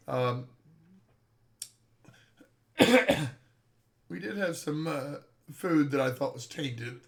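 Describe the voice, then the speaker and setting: A man co-hosting a casual developers' livestream, fighting a cough. His mid-pitched voice is gravelly with vocal fry. He chats in a dry, wry way and slips in deadpan puns. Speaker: co-host of a game developers' stream.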